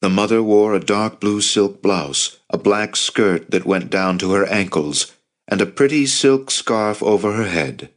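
A man narrating a novel as an audiobook in a steady storytelling manner. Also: low voice. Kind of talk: scripted narration.

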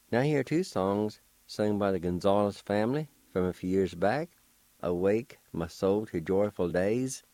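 A man's voice: low-pitched, warm tone, dry recording. A man teaching words on the radio, spelling them out patiently letter by letter. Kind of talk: slow spelled-out language lesson.

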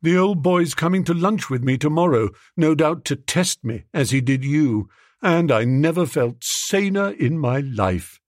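A man voicing a lovesick young gentleman who talks earnestly and anxiously. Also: fairly high pitch, expressive, measured pace, no echo, studio quality. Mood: fretful. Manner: earnest, fretful, pleading.

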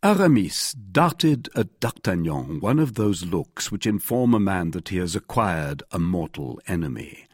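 A man narrating a classic novel in a measured, expressive reading. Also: low-pitched, slightly rough, dry recording, studio quality. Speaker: audiobook narrator.

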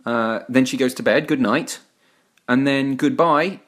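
A man's voice: medium pitch, unhurried, fairly bright tone. Playful man co-hosting a podcast. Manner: playful, teasing, builds up jokes. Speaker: podcast co-host. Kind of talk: casual chat.

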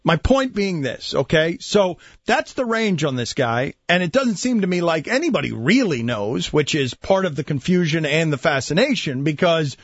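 A man's voice: on the high side, very animated, moderate pace, few pauses, dry recording. A man hosting a sports talk radio show, arguing his points emphatically and throwing questions at his co-hosts. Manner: emphatic, questioning, restarts mid-thought. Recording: dull dry studio sound.

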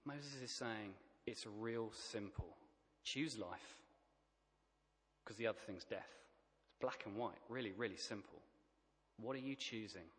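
A man's voice: lowish voice, unhurried, pauses often, fairly bright tone, in a large hall. A man preaching a sermon, emphatic and plain-spoken, stacking up repeated phrases.

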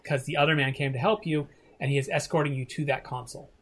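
A game master narrates a tabletop scene, setting out the room and the rules. The delivery is halting, with frequent pauses and restarts. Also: mid-range voice, steady tone, husky. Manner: hesitant, many fillers and restarts.

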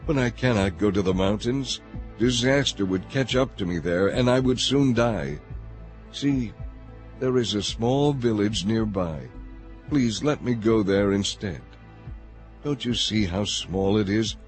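A man's voice: fairly low pitch, unhurried, soft background music, close to an everyday voice. A man reading the lines of an anxious old man who pleads and begs. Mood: begging. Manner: earnest, pleading.

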